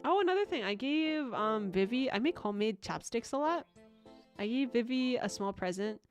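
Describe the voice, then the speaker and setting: Young woman streamer, casual chat, giggly and rambling, squeaky baby talk bursts. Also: animated, normal speed, muffled recording, soft background music.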